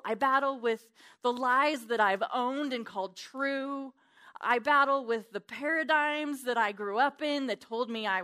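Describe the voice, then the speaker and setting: A woman preaching a sermon in a church, fervent and emphatic, swinging between loud declarations and hushed asides. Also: fairly high pitch.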